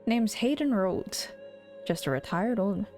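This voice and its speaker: A woman voicing a gruff, stern retired old nobleman in a visual novel voice-over, putting on a clipped British accent. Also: mid-range voice, animated, a little slow, a little mellow, soft background music, lightly acted. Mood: grumbling.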